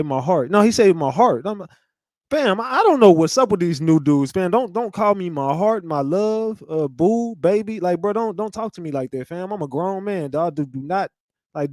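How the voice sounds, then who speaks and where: A blunt man riffs in loose, slangy commentary, tossing in "fam" and "bro" at every turn. His voice sits a little high for a man. The sound is dry and close, with no room around it. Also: expressive, moderate pace, a little mellow, dry recording. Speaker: host reacting to clips. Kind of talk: casual commentary.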